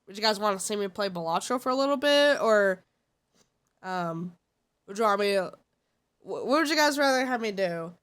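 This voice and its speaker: A woman's voice: medium pitch, lively intonation, moderate pace, long pauses, fairly bright tone, clean tone. A woman streamer with a stuffed-up, congested voice, chatting casually and teasing her viewers. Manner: playful, teasing the chat. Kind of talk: casual live-stream chat.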